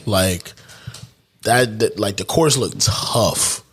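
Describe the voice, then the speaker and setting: A man's voice: on the low side, takes it slowly, fairly bright tone, slightly rough. A man co-hosting a podcast in a studio, joking around in loose, slangy casual chat. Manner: laid-back, joking, slangy. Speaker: podcast co-host. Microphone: studio mic, eating close to it.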